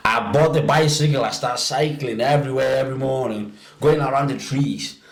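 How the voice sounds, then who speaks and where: Brief: man, lively storyteller, laughs easily, stumbles into sentences, room echo. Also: medium pitch, moderate pace. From South Africa. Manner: animated, laughs often, repeats words when starting. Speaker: podcast guest. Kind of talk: casual storytelling chat. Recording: roomy echo.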